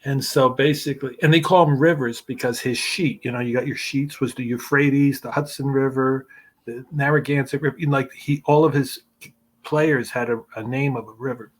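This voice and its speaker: Podcast guest: male storyteller, husky, swears freely, rambles through anecdotes. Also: mid-range voice, fairly even intonation, moderate pace. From New York. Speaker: guest, screenwriter. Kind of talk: casual storytelling.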